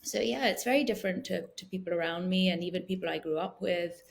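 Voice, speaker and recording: A woman in her forties, a guest in an interview, speaking in a soft, reflective way with many "you know" fillers. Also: on the low side, fast, vocal fry. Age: 40s. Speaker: guest, founder. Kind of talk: casual interview talk.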